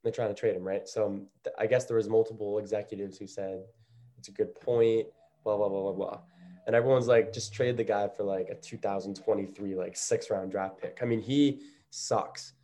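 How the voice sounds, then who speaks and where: A man's voice: on the low side, fairly even intonation, fairly quick, few pauses, mellow. A man co-hosting a casual sports podcast, talking in a loose, rambling way. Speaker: podcast co-host.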